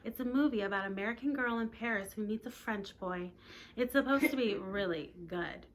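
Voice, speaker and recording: A woman's voice: mid-range voice, brisk, a little hiss or hum, close to an everyday voice. A woman reading as an eager teenage boy. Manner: eager, upbeat. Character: excited friendly teenage boy.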